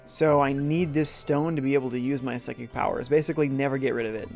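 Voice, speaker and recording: A man's voice: mid-range voice, fairly even intonation, quick pace, creaky, a little mellow, faint music behind. A man live-streaming a retro game, chatting casually, reading viewer comments aloud and joking along. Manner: upbeat, reads chat comments aloud and jokes.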